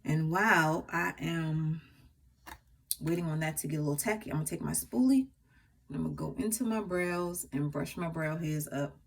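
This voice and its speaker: Woman makeup artist, chatty tutorial delivery, husky lower voice that swings up and down, mic a little distant. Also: normal speed. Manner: chatty, laughs often, talks while applying makeup.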